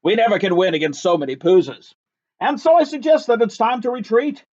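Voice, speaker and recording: A pompous storybook general booms out slow, drawn-out orders in a high, strained voice, as a man reading aloud puts him on. The recording sounds dull and lo-fi. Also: a little mellow. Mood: blustering. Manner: booming barked commands. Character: blustering pompous male army general.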